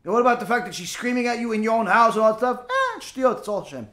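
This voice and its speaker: A man's voice: very high voice, very animated, quick pace, pushed and bright. A man giving a sermon, telling a story dramatically, repeating key phrases and asking rhetorical questions. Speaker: preacher.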